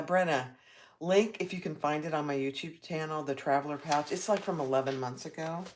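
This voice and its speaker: Woman host for a live sewing demo, deep voice, slow chatty delivery, talks viewers through each step. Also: noisy background. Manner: chatty, reacts aloud while working, reads viewer comments.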